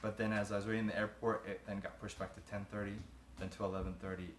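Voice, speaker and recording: A man's voice: on the low side, little pitch movement, racing, slight background noise. A young man, a groom-to-be, answering interview questions in a casual, rambling way, trailing off and laughing between thoughts. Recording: roomy echo.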